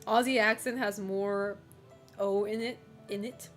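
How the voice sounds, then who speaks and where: A woman streamer chatting casually with her live chat, teasing viewers, swearing freely, and laughing often. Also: mid-range voice.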